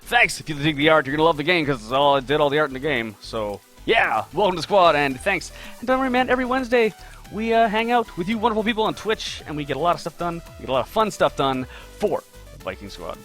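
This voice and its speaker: Chatty guy streaming his drawing, bright forceful voice, faint music behind. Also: a little high, animated, quick pace. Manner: upbeat, greets viewers by name, chatty. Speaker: game dev artist streaming live. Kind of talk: casual live-stream chat while drawing.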